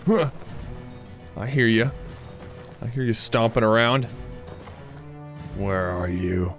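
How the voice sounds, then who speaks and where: A man's voice: on the low side, takes it slowly, soft background music. A man giving joking, mock-dramatic commentary while playing a shooter game, taunting his enemies. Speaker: gaming video creator. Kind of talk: playful gameplay commentary.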